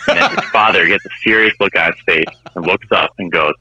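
A man calls in and leaves a voicemail, telling a long joke in an easygoing, rambling way. His voice sits a little low but comes across very bright. The voicemail sounds dull and lo-fi, with a dry, close sound. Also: quick pace, breathy edge, no echo. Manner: rambling storyteller, chuckles at own punchline. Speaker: caller.

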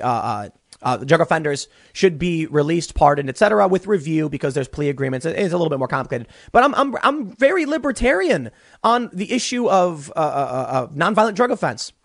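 A man's voice: a little high, big pitch swings, fast, no echo. A young man hosting a political commentary show from a small closet studio, ranting animatedly and stammering through repeated words. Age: young adult.

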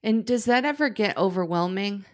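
A woman's voice: mid-range voice, animated, normal speed. A woman hosting a casual interview, asking questions and offering brief affirmations.

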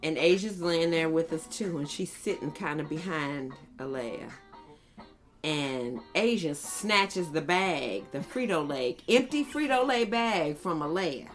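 A woman telling funny family stories on a podcast, acting out her toddlers in high little voices. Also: a little slow, soft background music. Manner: animated storyteller, acts out toddlers in high voices. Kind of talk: casual chat.

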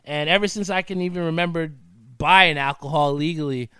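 A laid-back male talk show host with a bright, ringing voice and crisp, clean diction, sitting a touch high for a man. He chats loosely and keeps calling his listeners "man". The sound is dry and close, with no room echo. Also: fairly quick. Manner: laid-back, chatty, says "man" often. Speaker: podcast host. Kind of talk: casual show sign-off with sponsor shout-outs.

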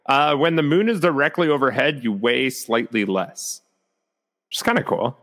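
A man co-hosting a podcast, joking and swearing in animated casual chat. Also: medium pitch, normal speed. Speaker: podcast co-host.

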